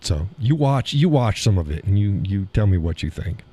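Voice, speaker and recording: Male stream host, low voice, blunt and mocking, chuckles between rants. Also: sing-song, moderate pace, mellow, husky, no echo. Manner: blunt, scornful, laughs often. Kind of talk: casual political commentary reading chat.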